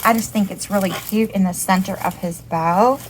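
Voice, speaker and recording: A woman's voice: medium pitch, normal speed, slight background noise, low-quality recording. A woman giving a step-by-step craft demonstration, chatty and upbeat as she works through each step. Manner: chatty, upbeat, calls things cute. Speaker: craft instructor.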